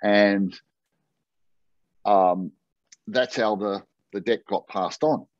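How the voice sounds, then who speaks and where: Low-voiced Australian man telling a story. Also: extremely slow, no echo. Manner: animated anecdote-telling, acting out quoted dialogue. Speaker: interview guest. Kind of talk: conversational storytelling. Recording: dull, lo-fi and dry.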